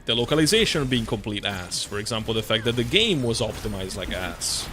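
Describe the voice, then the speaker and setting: Over music, a male gaming streamer gives casual live commentary, talking to chat as he plays and ranting with frequent swearing and lots of fillers. His voice is on the low side, with lively intonation and a slightly quick pace.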